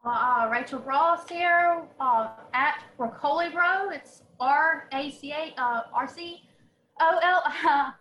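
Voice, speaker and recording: A woman's voice: high voice, slow pace, muffled recording. A woman with a slight Southern twang, a guest author on a podcast, giggly and stumbling a little over words. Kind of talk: casual podcast chat. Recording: echoey room with faint noise.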